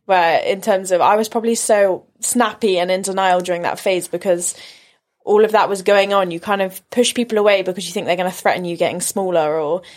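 A young woman with an English accent, a podcast guest speaking openly and reflectively in relaxed conversation. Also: on the low side, fairly quick. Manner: open, reflective, frequent "like". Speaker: podcast guest, rugby player.

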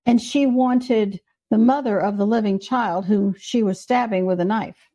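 A woman's voice: medium pitch, unhurried, mellow, muffled recording. An older woman, a psychic medium guest, telling stories in an interview in an earnest, emphatic way. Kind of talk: storytelling in an interview.

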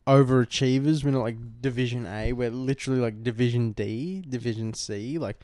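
Swearing Australian bloke telling a story. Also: male voice, mid-range voice, a little fast, darkish tone, no room sound. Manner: rambling, swears often, acts out quotes. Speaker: podcast co-host. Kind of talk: casual storytelling. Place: lounge room.

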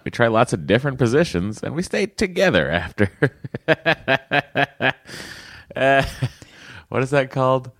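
A man with a deep, gravelly voice co-hosts a laid-back podcast, his pitch swinging around a lot as he jokes. He reads listener emails aloud with playful asides, recorded close and dry. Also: no room sound. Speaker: podcast co-host. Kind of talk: casual podcast banter.

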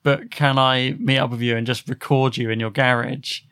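A man's voice: mid-range voice, little pitch movement, normal speed, a bit bright, smooth, dry recording. Man, podcast host, casual chat, hesitant fillers, dry close recording. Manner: chatty, laughs often, hesitant fillers.

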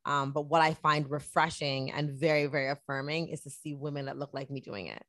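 A woman's voice: deep voice, a little fast, no room sound. A woman from Canada, co-hosting a casual chat, affirming her guest and speaking reflectively. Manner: warm affirming listener, reflective. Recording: dry close sound.

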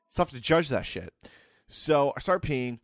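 A young man co-hosts a podcast and tells a story in loose, casual chat. He rambles, breaks off mid-sentence and circles back. His voice sits at an ordinary middle pitch, recorded close and dry. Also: very animated, a little slow, no echo. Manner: rambling, self-interrupting storyteller. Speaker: podcast co-host.

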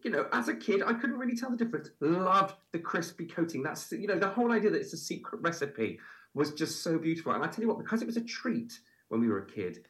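Brief: male guest, very animated pitch, chatty anecdotes, plenty of ums. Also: quick pace. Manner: chatty storyteller, lively, hesitant fillers. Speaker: guest, food festival presenter. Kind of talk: casual interview chat.

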